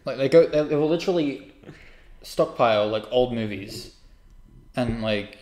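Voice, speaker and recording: A man's voice: mid-range voice, normal speed, a little mellow. A young man chatting as a podcast co-host, hesitant and full of fillers. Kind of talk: casual chat. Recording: echoey room.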